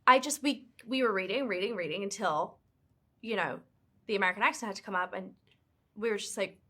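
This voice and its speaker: Bright, chatty young British woman. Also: medium pitch, fairly quick. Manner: chatty, animated, many fillers. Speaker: actress and author being interviewed. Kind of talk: casual press junket interview.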